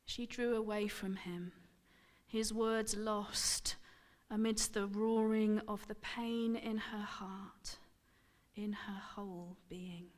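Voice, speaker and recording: A woman preacher giving a sermon, reading a scripture story aloud with slow, expressive storytelling. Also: medium pitch, in a large hall.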